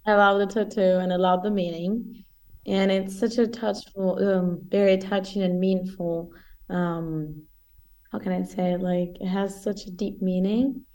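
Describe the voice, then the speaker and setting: Gravelly woman searching for words. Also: mid-range voice, fairly even intonation, unhurried, darkish tone. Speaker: podcast co-host. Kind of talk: casual chat.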